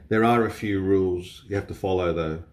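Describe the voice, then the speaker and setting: A man's voice: low voice, moderate pace, slight background noise. A man with an Australian accent chatting casually to camera as a photography vlogger, laughing often and swearing a little. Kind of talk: casual explainer talk to camera.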